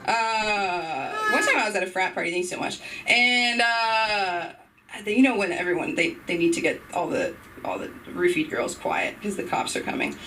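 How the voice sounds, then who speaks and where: A young woman doing a rambling stand-up set on a club stage, breaking off into loud impressions. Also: medium pitch, animated, normal speed, distant mic, noisy background. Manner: rambling, self-interrupting, bursts into shouted impressions. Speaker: stand-up comedian.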